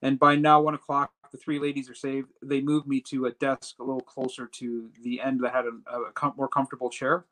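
A man telling a personal story in a casual, animated way, acting out the dialogue as he goes. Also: mid-range voice, brisk, hardly any pauses, poor audio. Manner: animated retelling that acts out quoted dialogue. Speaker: storyteller recounting a personal trip.

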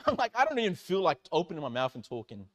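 A male church pastor preaching by telling a personal story, with animated delivery that swings from loud exclamations to hushed, low lines. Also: very fast. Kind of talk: sermon storytelling.

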